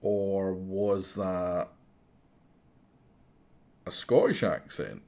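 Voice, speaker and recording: A man streaming live, muttering to himself as he reasons through a puzzle game, with sudden bursts of excitement. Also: low-pitched, extremely slow, creaky. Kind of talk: live gameplay commentary.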